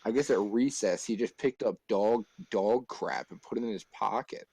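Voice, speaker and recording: A man's voice: on the low side, moderate pace, gravelly, no room sound, low-quality recording. Laid-back young man telling stories. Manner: animated storyteller who acts out quoted voices. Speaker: podcast co-host. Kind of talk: casual storytelling chat.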